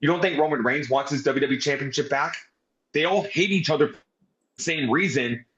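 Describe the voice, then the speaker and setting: A man's voice: on the high side, fairly quick, a bit bright, a little hiss or hum. A man co-hosting a casual wrestling review, talking animatedly and swearing often. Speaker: podcast co-host. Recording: roomy, dull lo-fi sound.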